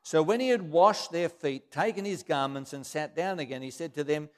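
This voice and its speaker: A man's voice: a little high, moderate pace. A man preaching a sermon, reading scripture aloud and then explaining it in plain everyday words.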